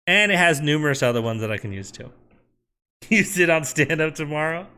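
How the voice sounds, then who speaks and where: Bright-voiced man thinking aloud while coding. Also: a little high, lively intonation, normal speed, clean tone. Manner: talks to chat and himself while working. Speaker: software developer streaming his coding.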